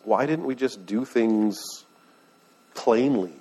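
A pastor preaches in a conversational way, putting questions to the room and retelling scripture in everyday language. His voice is mid-range and mellow with a breathy edge, and he speaks slowly.

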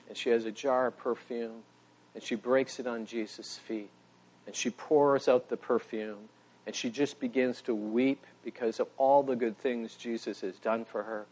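A middle-aged man preaching a sermon as pastor, telling stories with animated emphasis and a voice that rises when he makes a point. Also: medium pitch. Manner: animated storytelling, voice rising for emphasis.

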